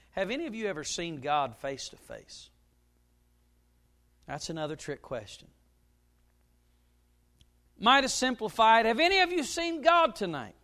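Middle-aged preacher guy, kinda high voice, tells stories, jumps loud then drops quiet. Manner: storytelling preacher with sudden loud rises. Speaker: pastor. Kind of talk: sermon. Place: church.

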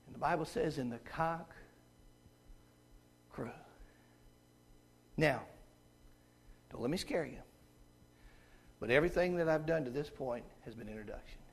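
A man with a Southern American accent preaching a sermon as a guest preacher, folksy, moving from hushed asides to shouted peaks. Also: on the high side, expressive, a little slow, pauses often.

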